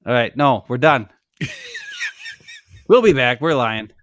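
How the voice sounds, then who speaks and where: A man's voice: mid-range voice, animated, normal speed, a bit bright, a little hiss or hum. A man co-hosting a casual sports chat, griping and joking. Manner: griping, jokey. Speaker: podcast co-host.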